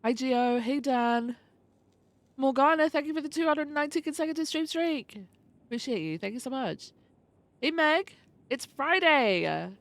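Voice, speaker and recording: Chatty, higher-pitched young woman streamer. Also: expressive, moderate pace, dry recording. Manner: chatty, swears freely, reads and greets chat. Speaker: livestreamer. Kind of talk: casual chat with viewers.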